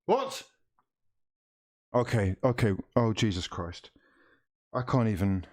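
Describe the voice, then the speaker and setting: A man's voice: on the low side, slow. A man hosting a football watchalong, switching between mock play-by-play commentary and sweary, pleading outbursts at the match.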